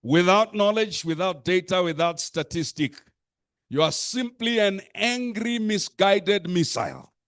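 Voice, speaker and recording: Slow, emphatic man giving a rousing speech. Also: high-pitched, lively intonation, fairly bright tone, no echo, studio quality. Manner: rhetorical, repeats phrases for emphasis; deliberate, emphatic pacing with lists. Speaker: speaker addressing a youth assembly. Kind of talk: impassioned speech.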